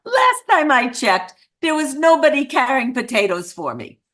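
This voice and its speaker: A woman's voice: high-pitched, huge pitch swings, normal speed, pitched above the performer's own voice, full character voice. A woman doing a blunt old grandmother with an Eastern European accent. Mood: doting, blunt. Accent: Eastern European, put on. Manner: warm, matter-of-fact, calls listener "Mamala". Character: elderly woman survivor, doting, blunt and thrifty.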